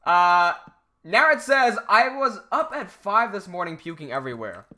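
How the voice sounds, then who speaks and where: A man's voice: high voice, big pitch swings, moderate pace, bright, forceful tone. A young adult man chatting casually on a live stream while gaming, rambling and often cutting himself off. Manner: rambling, self-interrupting, reads chat aloud.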